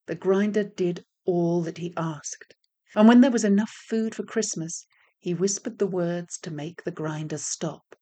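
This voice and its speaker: Woman telling a folk tale expressively. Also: fairly low pitch. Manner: measured, expressive storytelling. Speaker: storyteller. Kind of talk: reading a folk tale aloud.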